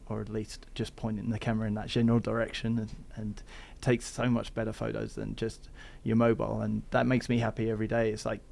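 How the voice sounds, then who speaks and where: A man's voice: lowish voice, vocal fry, a little mellow. A man from England with an English accent tinged by Australian, talking easily as a podcast guest about hiking and travel. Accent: English with some Australian. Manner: rambling, easygoing storytelling. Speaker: guest, thru-hiker. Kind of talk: casual interview chat.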